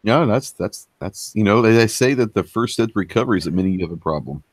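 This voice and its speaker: A man in a casual online chat, tossing in quick joking asides. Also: on the low side, animated, dry recording.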